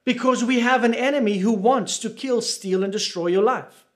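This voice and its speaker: A man with a strikingly high voice preaches a sermon. He hammers his points home by repeating phrases and putting questions to the listeners. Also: moderate pace.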